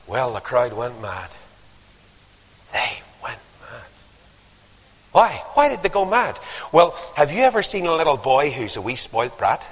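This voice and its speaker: A man preaching a sermon, telling stories with lively acted-out voices. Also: medium pitch, unhurried, long pauses, breathy edge. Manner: animated storytelling, acting out voices. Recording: long hall reverb.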